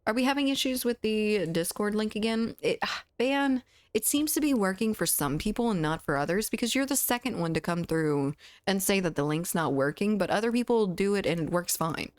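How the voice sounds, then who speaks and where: A woman's voice: mid-range voice, expressive, fairly quick, few pauses, dry recording, studio quality. A woman with a Southern US accent chatting casually with her livestream chat while playing a game, laughing often and swearing freely. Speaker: streamer.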